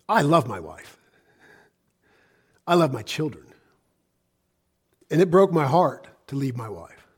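A middle-aged American man preaching a sermon, swinging between loud emphasis and hushed, quiet passages. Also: a little high, big pitch swings, slow, husky. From United States. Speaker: pastor.

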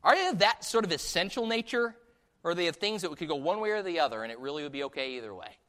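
A man's voice: a little high, lively intonation, very fast, bright, forceful tone. A man preaching a sermon in a church service, putting many questions to the listeners. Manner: asks the congregation many rhetorical questions.

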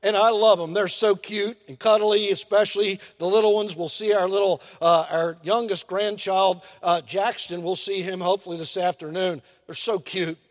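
Older high-voiced preacher in a reverberant hall. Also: male voice, fairly even intonation. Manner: folksy preaching with drawn-out emphasis and acted-out asides. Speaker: pastor. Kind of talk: sermon.

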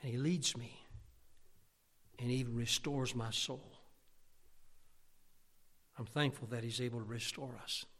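Gravelly, fiery middle-aged preacher. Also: male voice, mid-range voice. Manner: animated, rising to near-shouts when stirred up; acts out imagined listeners' objections. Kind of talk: sermon.

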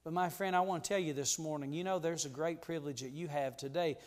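A man delivers a sermon in a high-pitched voice. He preaches with fervor, sinking to a near hush and then climbing to ringing emphasis. His words trail off into the long reverb of a church hall. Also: fairly even intonation, quick pace. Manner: fervent, preacherly, swings from hushed to ringing. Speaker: pastor. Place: church sanctuary.

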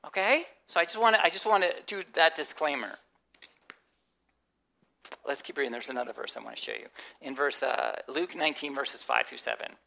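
Lively, animated woman preaching a sermon. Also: sits low, brisk, creaky. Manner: animated, acts out quotes and inner voices; conversational preaching with asides and jokes. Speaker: pastor.

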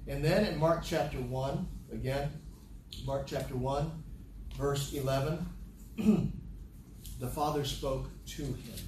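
This preacher goes slowly with long pauses, his mid-range voice reading scripture and repeating key lines in a Bible-teaching sermon. The background is noisy, and he's heard from a distance on a camera in an echoey hall.

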